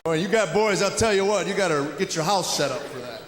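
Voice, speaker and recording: A middle-aged man from Tennessee doing a stand-up routine, telling family stories in a deadpan way with quick acted-out quotes. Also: high-pitched. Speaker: stand-up comedian. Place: comedy stage before a live audience. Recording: echoey hall with audience noise.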